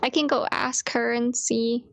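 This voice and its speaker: Soft-spoken, gravelly woman gamer. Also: on the high side, fairly even intonation, unhurried. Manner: hesitant, soft, many ums and restarts. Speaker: player. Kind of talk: tabletop role-play.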